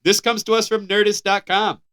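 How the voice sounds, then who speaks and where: An American man co-hosting a podcast, reading news items aloud in a casual, animated way with laughs and stumbling restarts. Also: high-pitched, a little fast, clear, resonant tone. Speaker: podcast co-host.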